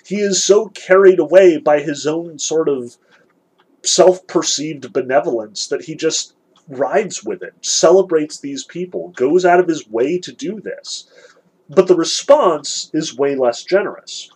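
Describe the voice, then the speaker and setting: A man's voice: on the high side, expressive, a little slow, darkish tone, husky, rough recording. A man giving an earnest literature lecture, reading passages and analyzing them, emphatic with frequent restarts.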